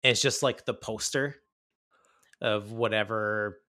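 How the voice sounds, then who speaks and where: A man's voice: on the low side, fairly even intonation, a little slow, bright, forceful tone, no echo, studio quality. A man co-hosting a casual chat about horror films, enthusiastic and rambling, with many fillers and restarts. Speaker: podcast co-host.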